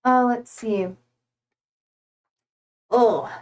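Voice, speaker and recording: A tired young woman livestreamer chatting casually, reading out viewer comments with lots of fillers and a slightly hoarse voice. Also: a little high, extremely slow, a little mellow. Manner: rambling, hesitant, many fillers and swear words.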